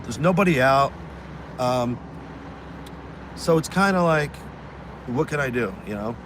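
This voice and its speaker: A man hosting a live stream outdoors in a city, telling stories in a casual, animated way. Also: medium pitch, measured pace, heavy background noise. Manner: animated, acts out fans' voices. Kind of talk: casual storytelling chat.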